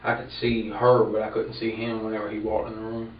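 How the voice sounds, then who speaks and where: A man, answering questions in a police interrogation in a halting way, often repeating himself. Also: lowish voice, monotone. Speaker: suspect being interrogated. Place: interrogation room. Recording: roomy, distant, dull archive tape with faint noise.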